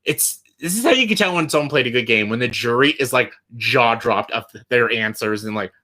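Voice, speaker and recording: Bright-voiced man, blunt and excited. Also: medium pitch, brisk. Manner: enthusiastic, blunt, swears freely, many fillers. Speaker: YouTuber ranking show winners. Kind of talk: casual opinion vlog.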